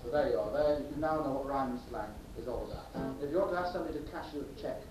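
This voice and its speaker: A man's voice: medium pitch, lively intonation, racing, over music. A man giving a mock-pompous comic lecture to a live crowd. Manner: mock-pompous lecturing, laughing between lines. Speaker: comic performer. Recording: echoey distant live room recording with noise.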